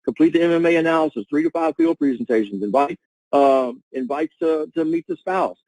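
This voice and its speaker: A man giving an energetic, repetitive coaching talk to a sales team over a webinar. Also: on the high side, a little fast, no room sound, rough recording. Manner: energetic, coaching, repeats himself.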